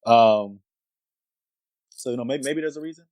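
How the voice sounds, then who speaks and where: A man's voice: mid-range voice, normal speed, a little mellow, dry recording, rough recording. A man co-hosting a podcast in casual chat, talking in a loose, rambling way with lots of "dude" and "I don't know.". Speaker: podcast co-host.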